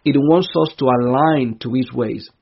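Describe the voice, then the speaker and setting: A man's voice: mid-range voice, moderate pace, vocal fry, highs cut off, a little hiss or hum. A man preaching a sermon in an earnest, emphatic way, repeating his key phrases.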